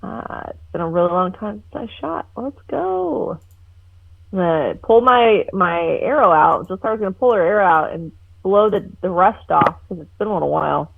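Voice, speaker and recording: A woman's voice: mid-range voice, lively intonation, moderate pace, vocal fry. A woman playing a tabletop game over a call, chatty and apologetic, her voice muffled by her headset. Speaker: player. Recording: muffled, phone-like headset line.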